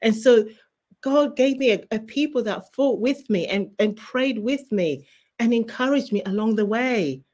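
A woman's voice: a little high, lively intonation, measured pace, a little mellow. A woman who is a guest author, sharing a fervent faith testimony in an interview. She speaks like a preacher and repeats key phrases for emphasis.

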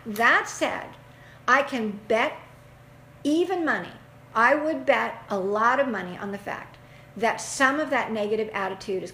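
Animated, emphatic woman giving advice. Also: fairly high pitch, slight background noise. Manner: animated, emphatic, folksy, laughs often. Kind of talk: casual advice talk. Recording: echoey room with faint ambience.

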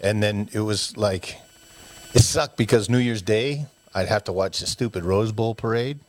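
A man with a fairly low voice tells loose, rambling stories about growing up. He slips into his parents' voices as he acts out scenes, laughing along the way. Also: moderate pace. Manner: animated storyteller who acts out parents' voices. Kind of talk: casual storytelling chat.

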